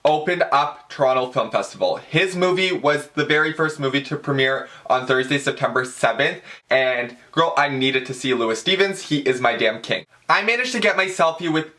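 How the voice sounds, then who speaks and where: A man's voice: medium pitch, normal speed, few pauses. A young man telling a story in a casual vlog, gushing and chatty, calling his viewers "girl" and dropping "like" into every line. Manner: dramatic, excitable fan. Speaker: vlogger.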